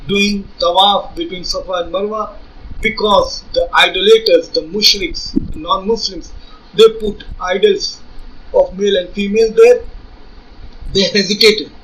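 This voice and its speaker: A man's voice: high voice, pushed and bright, recorded from a distance, low-quality recording. A man with an Indian English accent giving an argumentative religious rebuttal lecture, reading scripture aloud and pressing rhetorical questions. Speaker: religious debater.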